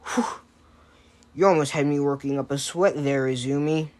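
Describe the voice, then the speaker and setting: A man's voice: fairly high pitch, fairly even intonation, normal speed, lightly acted. A man voicing a jovial, towering older male hero who speaks with cheerful politeness.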